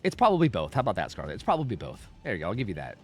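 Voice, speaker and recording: A man's voice: lowish voice, wildly swooping pitch, rapid-fire, faint music behind. A man streaming a game live, rambling and swearing casually as he answers viewers' questions. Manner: rambling, profane, chatty, answering chat questions.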